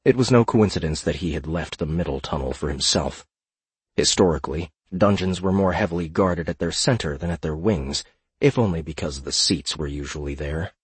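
A man narrating a fantasy audiobook in a steady, measured reading. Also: rumbling low, slightly rough, no room sound.

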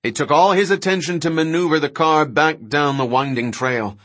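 A man narrating an audiobook in a steady, dramatic reading. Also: fairly high pitch, moderate pace. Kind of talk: scripted narration.

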